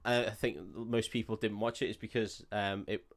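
A man's voice: fairly low pitch, level tone, normal speed. A man, a podcast co-host chatting casually and making wry jokes. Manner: wry, joking interjections. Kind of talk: casual comedic chat.

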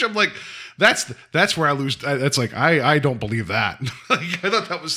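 A man's voice: on the high side, lively intonation, brisk, sharp tone. A man casually recapping a TV episode with a co-host, rambling with many fillers and acting out quotes. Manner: rambling, lots of fillers, acts out quotes with laughs.

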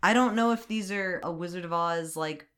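Brief: an excitable host retelling a film plot with loose, swearing chat. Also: mid-range voice, moderate pace. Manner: chatty, animated, swears freely. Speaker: podcast host. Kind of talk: casual movie recap.

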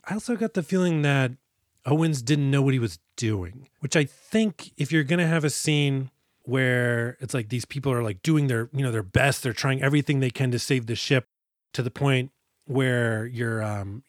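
A man's voice: mid-range voice, moderate pace, no echo. A man co-hosting a film podcast in a loose, rambling way, trailing off and restarting his thoughts. He sits close to the mic in a dry, dead room. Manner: rambling, self-interrupting, quotes characters in mock voices. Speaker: podcast co-host. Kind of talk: casual movie discussion.

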